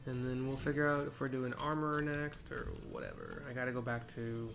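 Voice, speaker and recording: A man's voice: mid-range voice, sing-song, fairly quick, creaky. Casual male gameplay narrator, faint music. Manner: chatty, wry, reactive. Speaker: game narrator for blind viewers.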